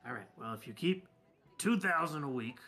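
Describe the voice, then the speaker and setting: A man voicing a pushy, hard-of-hearing old male gun merchant who shouts to be heard. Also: a little high, lively intonation, moderate pace, faint music behind, exaggerated voice. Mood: salesy.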